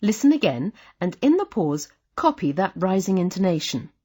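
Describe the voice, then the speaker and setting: A woman narrating a language lesson with a clear, patient teaching delivery. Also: on the low side, big pitch swings, normal speed, dark tone. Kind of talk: scripted instructional narration.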